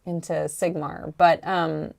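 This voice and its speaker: Chatty woman co-host with gravelly voice. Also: sits low, level tone, slow pace. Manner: laughing, chatty, upbeat. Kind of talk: casual livestream chat.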